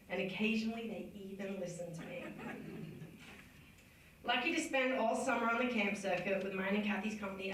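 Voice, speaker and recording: A woman coach giving a humorous, self-deprecating acceptance speech as a hall of fame inductee. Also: medium pitch. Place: banquet hall. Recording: echoey hall recorded from far off.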